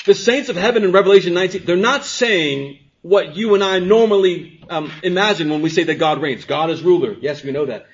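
Man preaching with hushed-to-emphatic swings. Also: high voice. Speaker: pastor. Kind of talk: sermon. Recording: dull lo-fi sermon recording.

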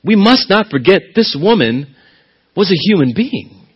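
A man preaching a sermon as pastor, dramatic, often dropping to a hushed, near-whispered voice for emphasis. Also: high voice, big pitch swings, measured pace, husky, highs cut off.

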